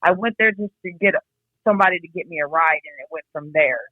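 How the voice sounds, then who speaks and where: A woman from Iowa tells her story bluntly over a tinny, phone-like line. Her words come haltingly and she swears freely. The sound is dry and close. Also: low voice, no room sound. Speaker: guest, host's sister. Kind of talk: candid personal account.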